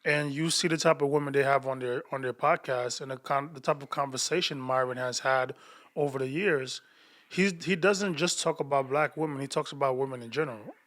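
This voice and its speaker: A man with a mid-pitched voice talks through his commentary slowly and carefully. He stumbles, repeats words and restarts his sentences as he works out what to say. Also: fairly bright tone. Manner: measured, halting, with many restarts. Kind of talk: commentary voice-over.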